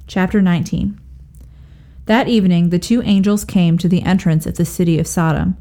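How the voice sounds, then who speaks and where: Female scripture reader with a warm, dark voice and an even, expressive delivery. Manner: steady, expressive reading, lifts pitch for quoted speech. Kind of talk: Bible reading.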